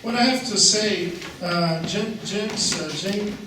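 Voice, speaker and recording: Halting man speaking in a reverberant hall. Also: high voice. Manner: halting, many fillers, warm praise of colleague. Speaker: seminar speaker, law professor. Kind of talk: public speech. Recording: echoey hall, distant mic, noise.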